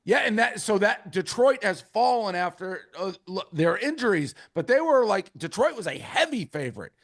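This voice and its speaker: A man's voice: sits high, very animated, normal speed, fairly bright tone. A man hosting a casual sports talk show, loose and chatty as he hands off to callers. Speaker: host.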